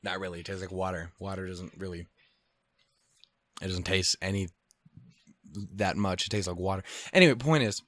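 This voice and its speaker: Rambling, swearing podcast host. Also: male voice, sits low, normal speed, pauses often, a bit bright, no echo. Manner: rambling, profane, self-deprecating. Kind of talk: casual solo storytelling. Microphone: podcast microphone.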